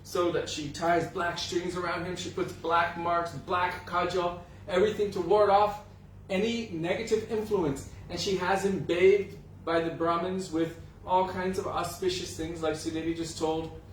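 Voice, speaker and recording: A man telling a devotional story to a gathering in an animated way, acting out the voices of the characters. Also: sits high, measured pace, a little hiss or hum. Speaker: spiritual teacher. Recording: roomy echo, distant mic, faint ambience.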